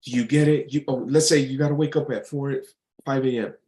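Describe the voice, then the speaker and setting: A man's voice: medium pitch, steady tone, brisk, warm tone. Blunt, cursing man in an echoey room. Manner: blunt, swears often, repeats and restarts. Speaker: vlogger giving life advice. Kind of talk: casual motivational talk.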